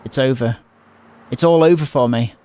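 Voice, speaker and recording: A man's voice: medium pitch, moderate pace, dark tone, clean tone. Anxious man reading a visual novel. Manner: anxious, panicky narration with stumbles. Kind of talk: dramatic read-aloud of a game.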